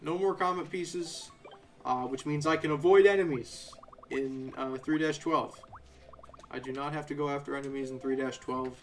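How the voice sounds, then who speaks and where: A young man with a fairly high voice talks through a live game playthrough in a loose, casual way. He drifts from low-key narration into animated, sarcastic rants. Faint game music plays beneath him. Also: normal speed. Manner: ranting, sarcastic, animated asides. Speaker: game streamer.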